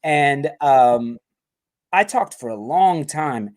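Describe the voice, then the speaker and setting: A man's voice: medium pitch, lively intonation, slow, a little mellow. A man hosting a live fan show over a video call, rambling and joking, and he talks nonstop. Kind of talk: casual live-stream chat.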